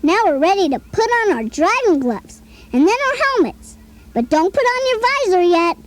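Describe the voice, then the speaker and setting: Cheerful boy talking toy, very high voice, sing-song, slow and coaxing, children's play-along tape. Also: very animated. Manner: chirpy, coaxing, asks the listener questions.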